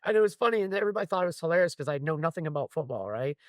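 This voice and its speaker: A man's voice: on the high side, very fast, dry recording. Storytelling man with a dry, close sound. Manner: lively, acts out other people's lines while telling a story. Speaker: guest metal artist. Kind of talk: casual storytelling interview.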